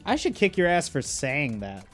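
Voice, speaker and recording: A man's voice: on the high side, huge pitch swings, normal speed, fairly bright tone, soft background music. A man co-hosting a slots stream, trading teasing, mock-tough jokes in casual banter.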